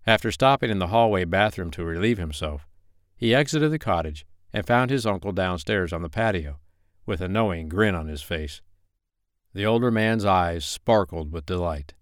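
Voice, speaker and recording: A man with a very low, smooth and resonant voice reads a romance novel aloud. The sound is close and dry, and his delivery is steady and even. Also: moderate pace, no room sound. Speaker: audiobook narrator. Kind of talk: scripted narration.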